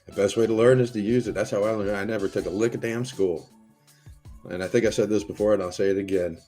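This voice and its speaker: A man's voice: on the low side, fairly even intonation, fast talker, dark tone, soft background music. A middle-aged American man hosting a casual livestream, rambling and swearing as he chats with viewers and tells stories. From United States. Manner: rambling, profane, chatty storytelling. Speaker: livestream host. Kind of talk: casual chat to a live audience.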